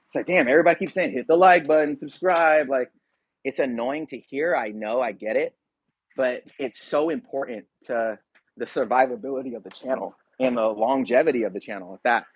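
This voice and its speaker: A man's voice: mid-range voice, a little fast, husky, no room sound, poor audio. A man hosting a casual livestream, chatting straight to viewers in a laid-back, slangy way. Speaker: YouTube reaction channel host.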